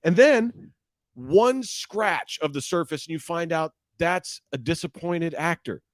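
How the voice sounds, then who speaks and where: A man's voice: a little high, measured pace, no room sound. A man, a comedian and voice actor, chatting as a podcast guest and telling stories while acting out what others said. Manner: animated storyteller, acts out quotes. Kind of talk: casual chat.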